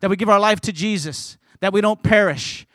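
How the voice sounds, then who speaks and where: A man preaching a sermon at a church service, swinging between shouted, rhythmic lists and quiet, conversational asides. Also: high-pitched, a little fast, dry recording. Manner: repetitive, rhythmic phrasing. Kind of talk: sermon to a congregation.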